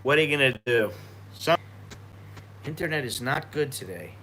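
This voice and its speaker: A man's voice: mid-range voice, expressive, moderate pace, fairly bright tone, slight background noise. An American man chatting loosely on a live stream while drinking tequila, swearing and rambling with many restarts. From United States. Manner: profane, rambling, frequent restarts.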